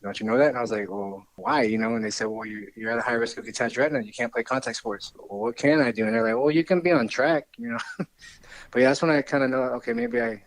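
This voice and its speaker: A man's voice: medium pitch, fairly even intonation, fast, dry recording. A man, chatting casually as an interview guest, friendly and rambling with restarts. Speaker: guest, scholarship winner.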